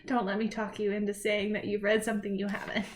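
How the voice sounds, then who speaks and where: A woman co-hosting a podcast in casual chat, excitable and profane, quick to laugh. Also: medium pitch. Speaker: podcast co-host.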